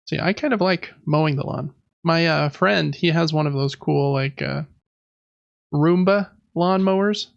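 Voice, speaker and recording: A man with a slightly high, gravelly voice chats easily as a podcast host, thinking out loud. His speech is full of fillers. The sound is dry and a little muffled, as if it came from a cheap mic. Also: measured pace, dry recording. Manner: rambling, thinking aloud with many fillers. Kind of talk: casual chat.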